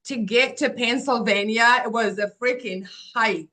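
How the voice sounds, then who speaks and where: Animated woman telling her story. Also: on the high side. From Morocco. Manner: animated, acts out quoted dialogue, quick restarts. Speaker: guest, agency founder. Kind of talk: personal storytelling in an interview.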